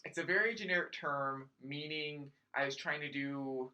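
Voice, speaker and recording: A man co-hosting a casual gaming podcast, talking in quick animated bursts with restarts. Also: on the high side, muffled recording. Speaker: podcast co-host. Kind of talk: casual chat.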